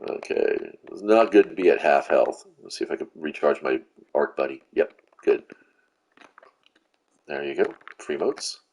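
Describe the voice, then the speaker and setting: A rumbling low, expressive voice, slightly mellow and a bit rough, belongs to a gaming channel host who speaks unhurriedly and pauses often. Playing live, he vents frustration through profane, rambling commentary with restarts and fillers.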